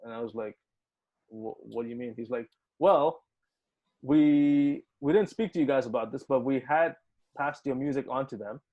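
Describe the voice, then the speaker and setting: On phone-quality sound, a man with a mid-range voice speaks a little fast. This UAE musician, guesting in a casual interview, tells an animated story with plenty of swearing, acting out the conversation he describes.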